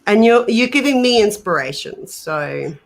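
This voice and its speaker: A woman's voice: mid-range voice, animated, moderate pace, creaky. A woman co-hosting a casual paranormal livestream, talking hesitantly with many fillers and restarts. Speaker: paranormal channel co-host.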